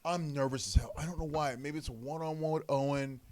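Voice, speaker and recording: A former wrestler, a man, telling lively stories in an interview and acting out the quotes. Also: fairly high pitch, brisk. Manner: animated storyteller, acts out quotes. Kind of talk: storytelling interview.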